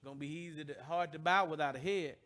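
A man voicing jealous brothers plotting in a low, mocking mutter during a sermon. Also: quick pace, a bit bright, natural voice. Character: jealous scheming brothers, young men, menacing.

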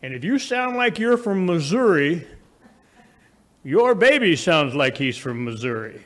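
A man preaching a sermon, telling folksy family stories and moving between raised emphatic lines and low, quiet asides. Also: big pitch swings, measured pace.

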